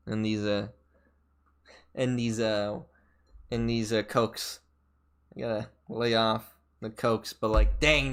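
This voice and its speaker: Talking casually into a desk mic, a male VTuber meanders through a story with plenty of fillers and false starts. His somewhat bright voice sits mid-pitch but swings sharply high and low between phrases.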